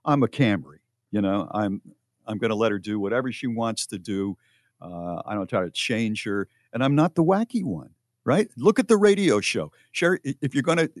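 A man hosting a radio show, chatting casually on a podcast as a relaxed, rambling storyteller. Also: mid-range voice, no echo, clean studio sound.

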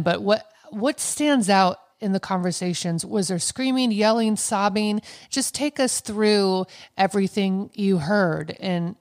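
A woman's voice: fairly low pitch, gravelly, no echo, clean studio sound. A woman hosting a podcast, asking long, rambling, multi-part questions in an interview.

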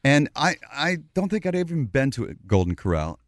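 A male radio host tells a long anecdote in an animated, chatty way, jumping into other people's voices along the way. His pitch ranges widely. The studio sound is dry and close. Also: a little fast, no echo. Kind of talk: casual on-air storytelling.

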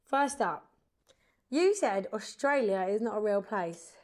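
A woman hosting a podcast in casual chat, teasing her guest, swearing freely and bantering quickly. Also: medium pitch, very animated, a little mellow. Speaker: podcast host.

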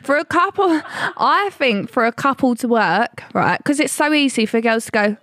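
A woman's voice: a little high, lively intonation, moderate pace, a bit bright, no room sound. Blunt, teasing young woman. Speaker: podcast co-host. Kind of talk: casual chat. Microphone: studio podcast mic.

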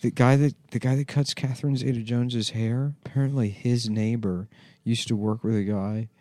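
A man's voice: medium pitch, steady tone, normal speed, dark tone, no echo. Rambling male podcast co-host, dry sound. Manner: rambling, restarts often while building a bit. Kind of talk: crude comedy podcast banter.

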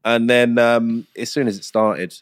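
A man's voice: mid-range voice, little pitch movement, unhurried, no room sound, studio quality. A man co-hosting a podcast in casual chat, laughing often and swearing casually. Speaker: podcast co-host.

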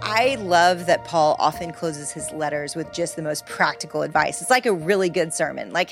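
A woman teaching through a Bible passage in an animated, lively way. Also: moderate pace, vocal fry, hardly any pauses, soft background music. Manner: lively, animated, acts out Paul's voice with big pitch jumps.

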